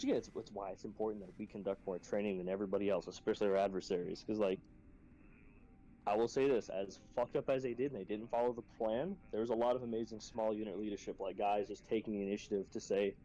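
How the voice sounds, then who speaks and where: A man's voice: fast talker, muffled recording. A man telling a training story in casual, profane chat, acting out quotes with sudden jumps in his voice. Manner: profane, animated, acts out quotes in a high voice. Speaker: Marine instructor telling a war story.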